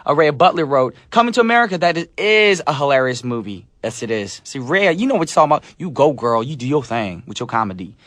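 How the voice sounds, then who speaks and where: A man's voice: mid-range voice, lively intonation, fast talker, hardly any pauses, a bit bright, no room sound. Upbeat jokey radio DJ man. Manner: upbeat, jokey, reads listener messages. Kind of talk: casual radio chat. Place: radio studio. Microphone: studio microphone.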